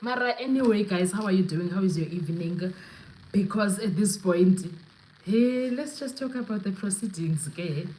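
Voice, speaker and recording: A woman's voice: medium pitch, expressive, normal speed, warm tone, a little hiss or hum, rough recording. A young South African woman hosting a live podcast, talking casually and animatedly, switching between English and Zulu and laughing often. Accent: South African, mixing in Zulu. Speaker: podcast host. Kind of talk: casual live-stream commentary.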